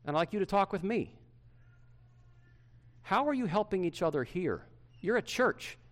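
Animated male pastor preaching. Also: high voice, moderate pace. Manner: animated preaching, swinging from loud emphasis to hushed softness. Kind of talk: sermon.

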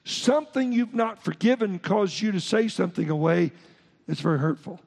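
A man's voice: high voice, animated, normal speed, gravelly, a little mellow. A man preaching a sermon as pastor, speaking in short emphatic phrases and often restarting mid-sentence. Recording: long hall reverb.

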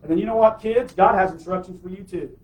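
High-voiced emphatic preacher. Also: male voice, fast, reverberant, far from the mic, low-quality recording. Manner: emphatic, call-and-response preaching. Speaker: pastor. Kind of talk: sermon.

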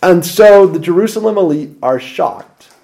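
A man preaching a sermon as pastor, asking rhetorical questions and swinging between loud emphasis and quiet asides. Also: sits high, lively intonation, normal speed, gravelly.

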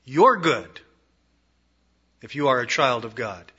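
A man preaching a sermon, emphatic, moving between raised declarations and hushed, low phrases. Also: animated, a little slow, pauses often, breathy edge. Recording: dull lo-fi recording.

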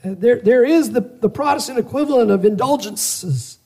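A man delivering a sermon in a notably high voice. He presses his hearers with rhetorical questions and earnest calls to examine themselves, slowing down to stress key phrases. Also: creaky, warm tone, slightly rough. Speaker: preacher.

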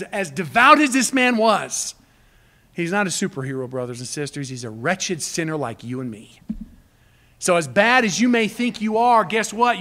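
Bright, high-voiced preaching man. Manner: emphatic, with dramatic quotes and pauses. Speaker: pastor. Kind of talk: expository sermon.

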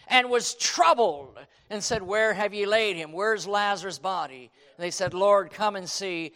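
A man preaching a sermon, quoting scripture and swinging from hushed tones to shouting. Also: sits high, a little slow, few pauses. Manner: quotes King James scripture.

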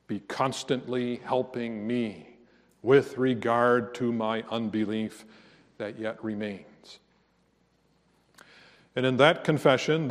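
Slow, earnest preacher man in a reverberant hall. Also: mid-range voice. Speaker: pastor. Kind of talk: sermon.

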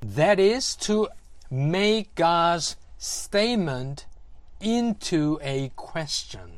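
Slow-paced preacher, sermon delivery, dry close sound, rhetorical questions. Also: medium pitch, lively intonation, no echo. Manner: deliberate, rhetorical questions to listeners.

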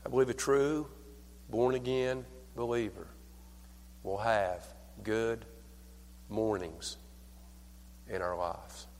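An older man preaching a sermon at a church service. He tells folksy stories, calls for amen, and swings from hushed lines to loud, fervent preaching. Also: on the low side, fairly even intonation, takes it slowly, pauses often, in a large hall. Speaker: pastor.

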